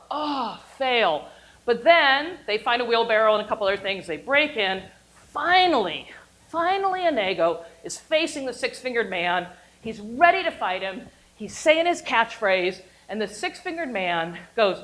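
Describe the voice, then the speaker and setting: A woman with a slightly high voice teaches a class on storytelling. She is animated and playful, cheering and booing along with the plots she retells and laughing at her own asides. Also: moderate pace, rough recording. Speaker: university teacher giving a workshop class. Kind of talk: lively lecture with storytelling.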